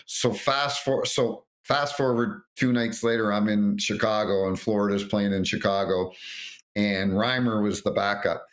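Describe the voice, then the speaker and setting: Low-voiced man telling stories animatedly. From North America. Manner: animated anecdotes, acts out quotes. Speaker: guest, former referee. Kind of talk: storytelling interview.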